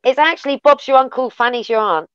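A higher-pitched English woman chatting as a guest, blunt and loud with her swearing. The audio is dull and lo-fi, with a very dry sound. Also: quick pace, clear, resonant tone, dry recording. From England. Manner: blunt, heavy swearing, animated storytelling. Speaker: wrestling guest. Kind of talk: casual interview chat.

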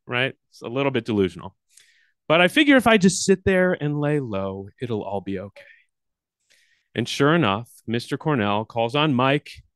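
A man tells a personal story to a workshop audience, and his voice rises and drops sharply as he acts out each beat. His pitch sits in an ordinary middle range. The sound is dry and close, with little room echo. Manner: animated storyteller with big swings in pitch and loudness. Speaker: workshop leader.

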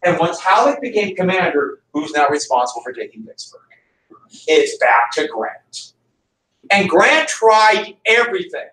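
A middle-aged American man lectures a history class with a high, expressive voice that rises and falls as he jokes and tells stories. He is caught from across a roomy classroom, so his voice sounds distant and echoey. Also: measured pace. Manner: animated, jokey storyteller with laughs. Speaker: history teacher.

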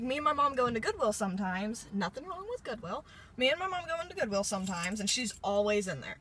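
A woman's voice: a little high, big pitch swings, fast talker, a bit bright, a little hiss or hum. A woman in her late teens from Indiana, chatting in a rambling, bubbly way with a phone held at arm's length inside a parked car. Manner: rambling, bubbly, lots of filler words. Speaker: vlogger. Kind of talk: casual chatty vlog.

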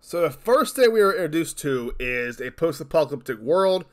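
A man's voice: a little high, sing-song, normal speed. A man hosting his own channel, delivering an exasperated, profanity-laden ranting commentary with heavy emphasis. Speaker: YouTube channel host.

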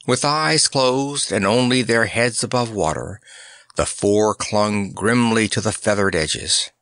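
A man narrating a children's audiobook in a measured, expressive way. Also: on the low side, no echo, studio quality.

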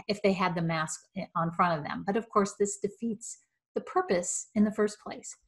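A middle-aged woman speech coach giving an instructional tip about clear speaking, with careful, exaggerated diction. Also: fairly high pitch. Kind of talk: instructional video.

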